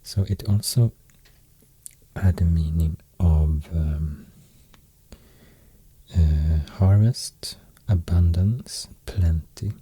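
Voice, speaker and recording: A man with a Swedish accent giving a soft-spoken ASMR talk, half-whispering and pausing often with fillers. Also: low voice, slightly rough, no echo. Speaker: ASMR host explaining runes.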